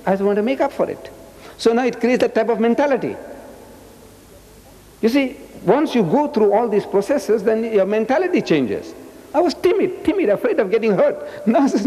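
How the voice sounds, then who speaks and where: A man in his seventies giving a public lecture in a loud, roaring, emphatic voice, repeating his points. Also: very animated, normal speed, vocal fry. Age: 70s. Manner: emphatic, repeats phrases, swings high and low. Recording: long reverb of a lecture hall.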